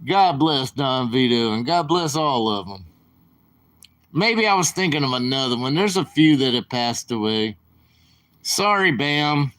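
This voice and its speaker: A man's voice: mid-range voice, expressive, fairly bright tone. A man rambling and apologizing in casual chat on his live stream. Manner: rambling, apologetic, slow-talking.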